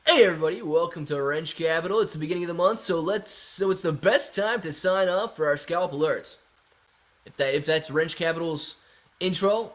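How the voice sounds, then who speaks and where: A young man hosting a casual stock market live stream, reading viewer comments aloud and riffing on them in a chatty, excitable way. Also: a little high. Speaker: stock market livestream host.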